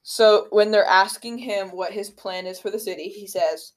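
A man's voice: sits high, fairly even intonation, normal speed. A man co-hosting a casual movie podcast, talking hesitantly with many ums as he works through his notes. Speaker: podcast co-host. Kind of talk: casual movie-review chat.

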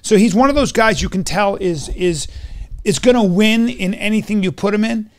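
Man, casual storytelling, animated retelling, slightly high pitch. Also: normal speed. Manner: animated retelling with quoted dialogue. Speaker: podcast guest.

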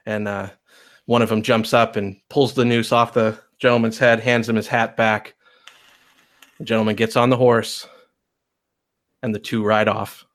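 A man's voice: fairly low pitch, little pitch movement, normal speed, long pauses, fairly bright tone. A man narrating as game master in a tabletop western game, casual and prone to correcting himself. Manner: casual, storytelling, frequent self-corrections.

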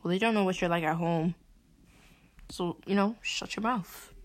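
With a lowish voice, a steady tone and an ordinary pace, this young podcast host delivers an exasperated monologue, ranting and cursing as she vents.

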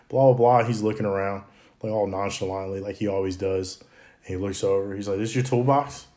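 A man's voice: lowish voice, quick pace, roomy sound. A man telling profane, laughing stories about coworkers in a casual chat. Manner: profane, laughing, animated storytelling. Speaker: mechanic telling shop stories. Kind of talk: casual storytelling among coworkers.

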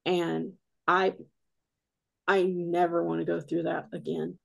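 A woman's voice: fairly low pitch, little pitch movement, slow pace, gravelly, muffled recording. A woman guest on a podcast, a paranormal investigator, telling a rambling story full of quoted dialogue in a casual way.

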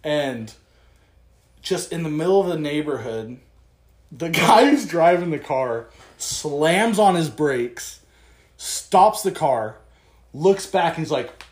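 A young man co-hosting a podcast tells a story in a slightly high voice, speaking slowly with long pauses. He's animated and swears, acting out the voices of the people involved, in an echoey room.

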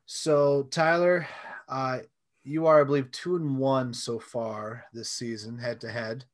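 A man co-hosting a casual sports podcast, talking in a relaxed, rambling way. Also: medium pitch, unhurried, no room sound. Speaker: podcast co-host.

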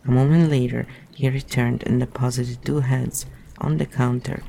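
A man's voice: medium pitch, fairly even intonation, unhurried, gravelly, warm tone, slight background noise. A man reading a book aloud and breaking off into rambling, musing asides. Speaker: reader.

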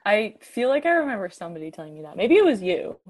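A woman's voice: mid-range voice, big pitch swings, fast talker, a little mellow. Young woman chatting as a guest. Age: young adult. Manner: short reactive replies and questions. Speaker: podcast guest. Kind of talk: casual chat.

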